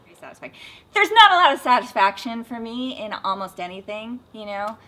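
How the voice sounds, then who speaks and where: A woman being interviewed about her travels and voice work, talking in an animated, self-mocking way and slipping into short sung demonstrations. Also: fairly high pitch, fairly quick, low-quality recording. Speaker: interviewee, voice actor and dialect coach. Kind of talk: casual interview with playful demonstrations.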